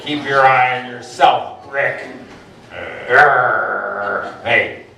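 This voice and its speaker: A scruffy, always-hungry stagehand, played by a man who drops flat deadpan one-liners in a mid-range voice. The sound is live stage comedy, distant and heavily echoing, with loud noise behind it. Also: mid-range voice, very slow, creaky. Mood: defiant. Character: hungry, dim-witted male stagehand, deadpan. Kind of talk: live dinner-theatre comedy. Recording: echoey room from far off, loud noise.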